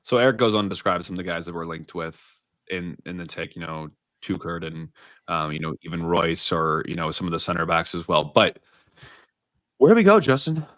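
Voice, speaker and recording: A low-voiced man with a Midwest accent, talking in a dry, close sound. He co-hosts a podcast and chats emphatically, working in ad reads. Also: brisk, no room sound. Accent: American Midwest. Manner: animated, emphatic, laughs easily. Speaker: podcast co-host. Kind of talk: casual sports podcast chat with ad reads.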